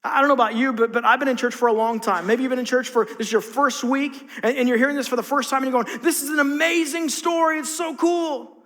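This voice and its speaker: A man's voice: extremely high pitch, fairly even intonation, fast, hardly any pauses, fairly bright tone. A male pastor preaching a sermon in a conversational way, stressing points by repeating them. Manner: conversational, emphatic repetition. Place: church sanctuary. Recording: long reverb of a church hall.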